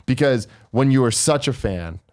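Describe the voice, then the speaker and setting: A man's voice: mid-range voice, lively intonation, normal speed, a little mellow. A man co-hosting a casual podcast chat, telling stories and acting out quotes in a raised voice. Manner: storytelling, acts out quotes in a raised voice. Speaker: podcast co-host.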